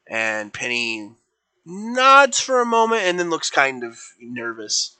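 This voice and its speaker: A man's voice: on the high side, sing-song, slow, bright, forceful tone, clear, resonant tone. A young man streaming, improvising fan fiction in a rambling, playful way that keeps correcting itself. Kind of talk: casual improvised storytelling.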